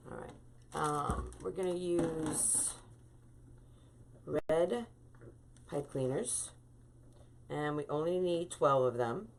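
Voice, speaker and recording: A woman's voice: sits low, slow, long pauses, slight background noise. Chatty woman hosting a craft live stream. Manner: talkative, greets viewers by name.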